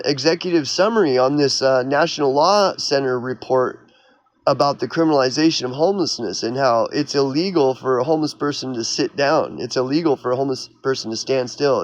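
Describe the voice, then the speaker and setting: A man from Oklahoma, a YouTuber, delivering a heated, sarcastic vlog rant in a mocking, exasperated manner. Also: medium pitch. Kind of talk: ranting vlog monologue.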